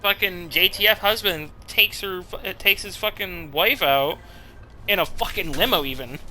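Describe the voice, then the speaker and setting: A man's voice: sits high, moderate pace, bright, forceful tone, a little hiss or hum. A young man casually commenting while he plays a game, swearing often and laughing at his own jokes. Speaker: streamer playing a game.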